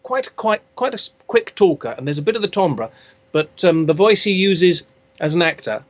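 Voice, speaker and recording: A man's voice: on the high side, animated, moderate pace, no room sound, highs cut off. A man being interviewed in a casual chat, hesitant and self-deprecating, often trailing off. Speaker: interviewee, steampunk maker. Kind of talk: casual video-call interview.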